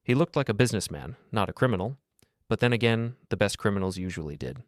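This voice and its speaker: Brief: low-voiced man, gruff story narrator, dry close sound. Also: expressive, fast, no room sound. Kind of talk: scripted first-person story narration.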